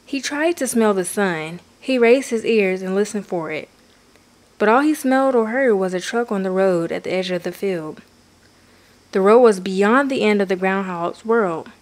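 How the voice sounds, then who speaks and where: A woman reading a children's picture book aloud, steady and expressive. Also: mid-range voice, moderate pace. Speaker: children's story reader. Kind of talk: storybook read-aloud.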